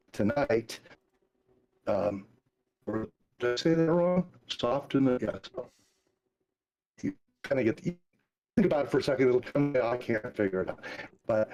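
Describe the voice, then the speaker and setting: An older American man co-commentating a race over voice chat, relaxed and hesitant with fillers. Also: medium pitch, poor audio. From United States. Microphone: remote voice chat mic.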